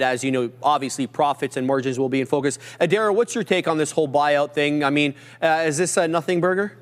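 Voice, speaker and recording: A man's voice: fairly high pitch, big-room sound. A man hosting a casual live trading stream, reading market headlines and bantering with co-hosts. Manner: brisk, reads headlines aloud, jokes with co-hosts. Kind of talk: casual market news chat.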